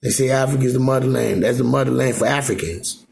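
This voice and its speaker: A man with a gravelly, creaky voice rambles into his phone camera from home. His talk is loose and repetitive, full of filler phrases and restarts, at a middling pitch. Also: quick pace, a little mellow, a little hiss or hum. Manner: loose, repetitive, full of "you know what I'm saying". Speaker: vlogger. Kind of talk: rambling casual monologue. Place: at home in Alaska.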